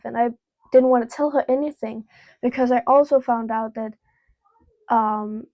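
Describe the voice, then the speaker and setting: A teenage girl talks straight to her camera, recounting a story in a loose, rambling way, leaning on "like" and dropping swear words freely. Her voice sits a little high but sounds mellow and dark, and the sound is dry and close, with little room echo. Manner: candid, rambling, heavy use of "like" and swearing. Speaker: vlogger. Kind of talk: casual storytime monologue. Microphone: small clip-on mic.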